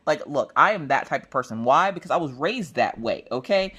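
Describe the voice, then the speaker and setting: A woman's voice: fairly quick, few pauses, slightly rough. A woman crafting vlogger chatting casually, telling family stories with lots of restarts and acted-out voices. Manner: animated, acts out family members in shrill high voices; chatty, with many restarts and "look, listen". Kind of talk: casual storytelling chat.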